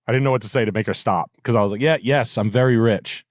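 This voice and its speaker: A middle-aged man spins a rambling anecdote on a podcast, swearing freely and sounding sardonic. His pitch swings widely as he tells it, and his voice is close and dry, with no room sound. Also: animated, rapid-fire, hardly any pauses, no echo. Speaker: podcast host. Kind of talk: casual storytelling chat.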